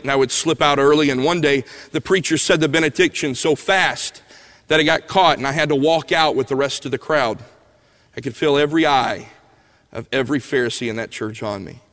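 A man preaching a sermon, telling stories in an earnest way. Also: medium pitch. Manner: earnest, storytelling, soft pleading prayer passages. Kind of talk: sermon with storytelling. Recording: long hall reverb.

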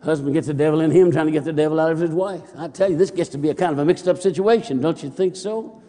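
Male preacher, folksy storytelling sermon, voice a bit high, long hall reverb. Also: fast talker, dark tone. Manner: folksy, repetitive "and he said" anecdotes.

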